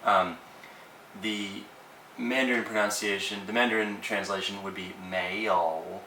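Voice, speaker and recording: Male tutor, casual and chatty, bright tone, roomy distant sound. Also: fairly low pitch, measured pace, slight background noise. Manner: relaxed, with frequent ums and uhs. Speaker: language teacher. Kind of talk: casual explanatory lesson.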